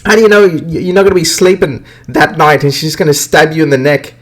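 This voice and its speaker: Talking fast with a slightly high, somewhat bright voice, a man hosts a podcast where he bluntly tears into video games with plenty of swearing.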